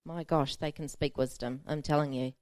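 A woman's voice: low voice, fairly even intonation, moderate pace, darkish tone, no echo. A woman pastor preaching a sermon, telling a self-mocking personal story with frequent laughter.

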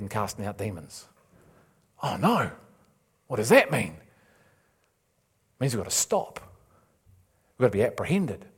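With a husky, medium-pitched voice, a preacher pleads with his congregation, impassioned and insistent. He repeats phrases for emphasis and drops in offhand asides as he goes.

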